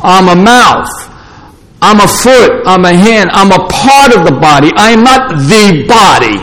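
A male pastor delivering a sermon in a noticeably high voice. He speaks slowly and deliberately, driving each point home with short, repeated, scolding statements. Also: lively intonation, bright, forceful tone, poor audio. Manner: emphatic, scolding preaching with repeated short declarations.

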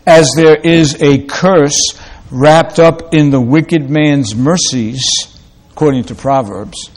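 A male preacher delivering a sermon in a slightly high voice. He speaks very slowly and deliberately, repeating key phrases for emphasis.

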